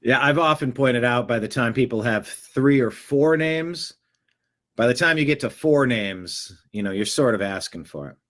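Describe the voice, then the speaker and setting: Man, casual host, conversational, introduces clips, mid pitch. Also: animated, moderate pace, a bit bright. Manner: offhand, conversational. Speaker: show host.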